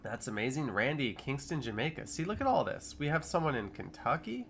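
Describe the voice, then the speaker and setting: Casual male streamer, 30s, mid-pitched, chatty chat-reader, faint noise behind. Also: big pitch swings, a little fast, vocal fry, a bit bright. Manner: chatty, reads chat comments aloud and riffs on them. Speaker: streamer reading live chat.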